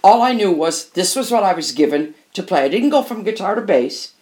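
A woman's voice: mid-range voice, animated, a little fast, darkish tone. An older woman, a musician and interview guest, telling candid stories in an emphatic way and often repeating phrases for emphasis.

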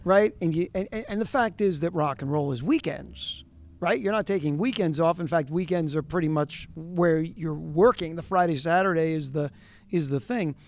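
A middle-aged man interviewing a musical duo, asking rambling, animated questions full of asides. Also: a little high, normal speed. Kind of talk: conversational interview.

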